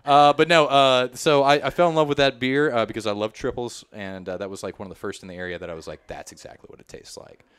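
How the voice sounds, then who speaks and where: A man's voice: mid-range voice, fairly even intonation, quick pace, few pauses, a bit bright, clean tone, dry recording. A young man chatting casually on a radio show about his brewery and voice acting, rambling with many fillers. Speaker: brewery representative and voice actor. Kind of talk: casual chat.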